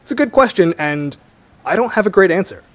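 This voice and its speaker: A young man being interviewed, relaxed and wry, laughing easily. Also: high voice, a little fast, no room sound. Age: young adult. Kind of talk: conversational interview.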